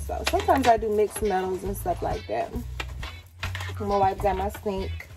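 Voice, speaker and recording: A young woman vlogging casually in a small RV kitchen, chatty and playful, talking straight to her viewers. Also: mid-range voice. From United States. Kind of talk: casual chatty vlog talk. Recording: music playing under the voice. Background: background music.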